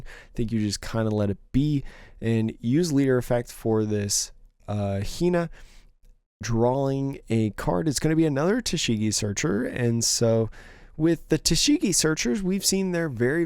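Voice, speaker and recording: A man's voice: mid-range voice, mellow, clean tone, dry recording, clean studio sound. Casual young man commentating a card game. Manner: thinks aloud, weighing options, casual and analytical. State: slightly losing his voice. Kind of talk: solo play-by-play commentary over a stream.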